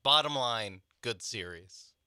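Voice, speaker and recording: A man co-hosting a sports radio show, dropping quick joking remarks. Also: medium pitch, expressive, bright, forceful tone, clear, resonant tone, dry recording, clean studio sound. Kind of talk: casual sports talk.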